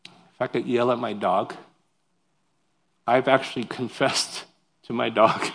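A man preaching a sermon as pastor, animated and conversational, turning to the congregation with questions and personal asides. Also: mid-range voice, measured pace, creaky.

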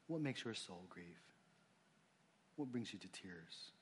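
A man preaching a sermon, earnest and conversational, dropping low and soft on emotional points and rising when he stresses a point. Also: animated, slow pace, a little hiss or hum. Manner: conversational asides and restarts. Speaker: pastor.

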